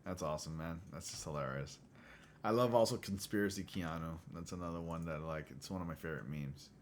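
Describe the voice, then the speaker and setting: A man's voice: low voice, brisk, slight background noise. A man in his late twenties, chatting casually with his livestream viewers, rambling and laughing often. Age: late 20s. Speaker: livestream host.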